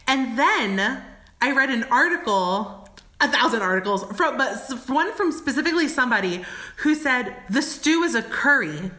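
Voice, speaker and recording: A woman's voice: high-pitched, lively intonation, moderate pace, bright, forceful tone. A woman guest on a podcast, telling a story candidly, cursing often and laughing. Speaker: podcast guest, travel company founder. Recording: echoey room.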